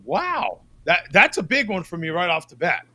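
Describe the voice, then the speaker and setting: A man hosting a casual livestream chat, excitable and quick to laugh. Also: high-pitched, no echo. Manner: excitable, laughs often, restarts. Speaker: host.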